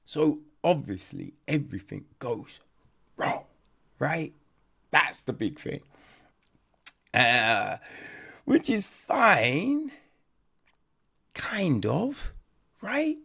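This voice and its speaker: A man's voice: fairly high pitch, big pitch swings, drawn-out words, gravelly, long pauses, pushed and bright, slightly rough. A man reviewing a film on a podcast in casual, rambling chat, blunt and swearing now and then, forever checking in with "right?". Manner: rambling, conversational, peppered with "right?" and "you know".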